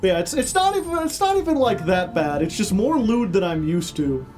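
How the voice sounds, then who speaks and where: A man's voice: high-pitched, sing-song, a little fast, a little mellow, soft background music. A man streaming a card game, chatting casually with his chat, rambling and laughing at his own jokes. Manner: rambling, joking, laughs often.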